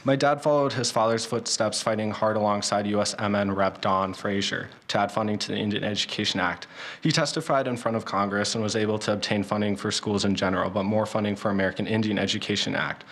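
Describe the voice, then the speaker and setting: A man's voice: on the low side, steady tone, fast, a bit bright. A polite young man, a student, reading a personal statement during public comment at a school board meeting. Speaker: student speaker.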